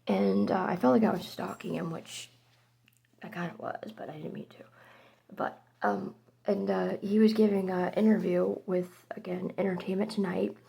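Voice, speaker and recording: A woman telling a casual storytime, chatty and excitable, her voice drifting between hushed and loud. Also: mid-range voice, normal speed, creaky.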